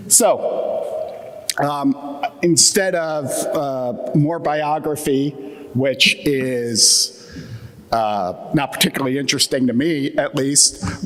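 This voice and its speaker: In a large conference hall with long reverb, a keynote speaker talks slowly in a mid-range, fairly bright voice. He's an American man with an Atlantic Midland accent, joking wryly and leaning on frequent fillers.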